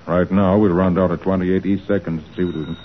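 An actor playing a calm, methodical detective in 1940s radio acting style. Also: male voice, deep voice, phone-quality sound, lightly acted. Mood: focused. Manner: brisk, businesslike. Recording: scratchy old radio broadcast with faint hiss.

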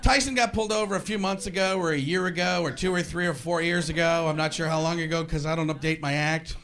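A man's voice: on the high side, fairly even intonation, quick pace, fairly bright tone. A man performing a rambling, punchy stand-up set that keeps slipping into impressions, recorded live with an audience. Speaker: stand-up comedian. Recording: live club, crowd and noise behind. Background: audience laughter.

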